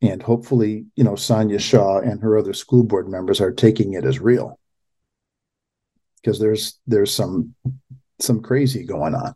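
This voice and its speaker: A man's voice: on the low side, a little slow, mellow, slightly rough. A man hosting a political talk radio show, talking emphatically and often restarting his phrases.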